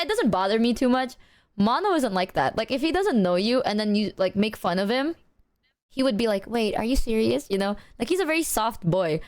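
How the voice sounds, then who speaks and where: A young woman streamer in casual chat, rambling, swearing a lot and often breaking into laughter. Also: fairly high pitch.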